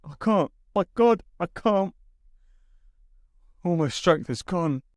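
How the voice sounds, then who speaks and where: A man's voice: medium pitch, moderate pace, dry recording, studio quality, close to an everyday voice. A man voicing a worn-out, fearful young soldier in an audiobook, strained and pleading.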